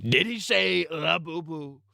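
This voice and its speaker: Bragging older male politician impression by a man, pitched up, bright and dry. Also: slow, vocal fry, no room sound, heavily acted. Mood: boastful. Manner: bragging, rambling boasts. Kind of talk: comedic impression on a game stream.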